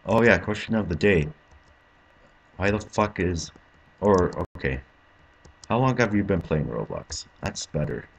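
A young man commentating his own gameplay, frustrated and swearing, with sudden angry yells. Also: low-pitched, lively intonation, unhurried, gravelly, pauses often. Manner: frustrated, swearing, bursts into yelling. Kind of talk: let's play commentary.

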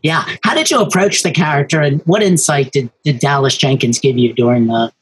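A man hosting an interview, asking questions in a measured, slightly formal way. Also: mid-range voice, husky, low-quality recording. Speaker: podcast host.

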